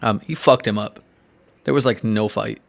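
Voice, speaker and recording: A young man co-hosting a podcast, relaxed and chatty, often laughing and asking questions. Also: fairly low pitch, normal speed, creaky. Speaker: podcast co-host. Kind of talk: casual movie review chat.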